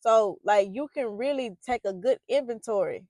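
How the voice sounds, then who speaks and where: Earnest higher-voiced woman, dry sound. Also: lively intonation, normal speed, no echo. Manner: earnest and heartfelt, loose with many fillers and restarts; grows emphatic and loud when making her points. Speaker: poet and parenting vlogger. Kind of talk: reflective monologue to camera.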